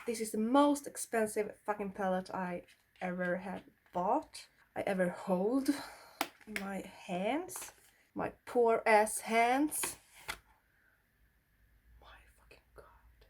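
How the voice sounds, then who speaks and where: Slow-talking Swedish-accented woman. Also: medium pitch, slight background noise. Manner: blunt, swears freely, chatty. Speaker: beauty vlogger. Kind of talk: casual makeup tutorial chat.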